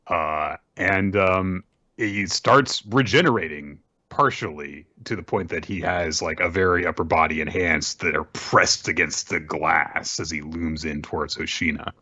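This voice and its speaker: A man's voice: low-pitched, normal speed, no echo, highs cut off. A man hosting a podcast, casually and animatedly recapping a manga chapter. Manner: animated retelling, drops into character voices. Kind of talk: casual chat.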